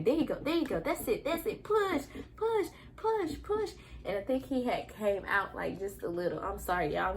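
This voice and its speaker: A young woman casually telling her own story as a vlogger, candid and animated, acting out quotes with laughter. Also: lowish voice, slight background noise.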